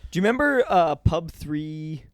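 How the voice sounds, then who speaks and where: A man's voice: on the high side, moderate pace, dry recording, studio quality. A man hosting a podcast, telling stories in casual chat with lots of energy. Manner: animated storyteller. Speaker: podcast host.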